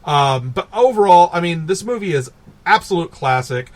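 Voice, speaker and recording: A man co-hosting a casual podcast, animated and laughing as he recaps films and acts out characters. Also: high voice, normal speed. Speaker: podcast co-host. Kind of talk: casual chat.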